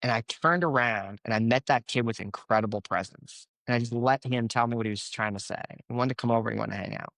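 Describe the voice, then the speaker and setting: A man's voice: medium pitch, fast, creaky, few pauses, a bit bright, no echo. A man, a coach, speaking as a podcast guest, telling stories and giving life advice in an earnest, motivational way. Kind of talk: conversational podcast interview.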